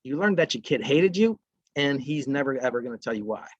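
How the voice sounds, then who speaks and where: A man with a husky, mid-pitched voice presents a parenting workshop in a dry, close recording. He talks to parents in a conversational way. Now and then he acts out brief lines a parent or child might say. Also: expressive, brisk, no room sound, lo-fi sound.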